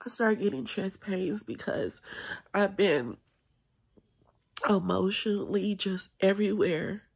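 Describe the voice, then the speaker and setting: A woman recording a late-night vlog on her phone, crying and halting, with sighs and long pauses. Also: mid-range voice, gravelly, husky. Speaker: vlogger. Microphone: phone held in hand.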